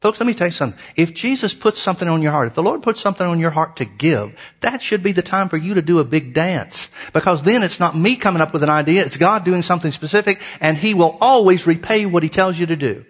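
A man preaching a sermon in a folksy, animated way, full of rhetorical questions. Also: fairly high pitch, fast, few pauses, breathy edge.

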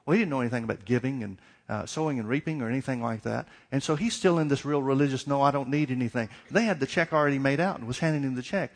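A man's voice: medium pitch, fast, hardly any pauses. A middle-aged man preaching a sermon, asking repeated questions and acting out little dialogues. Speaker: pastor.

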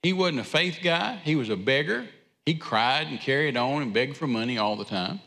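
Folksy preacher with gravelly voice. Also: male voice, mid-range voice, expressive, normal speed, bright, forceful tone, in a large hall. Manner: folksy, rambling, self-deprecating humor. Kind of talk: storytelling sermon. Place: church sanctuary.

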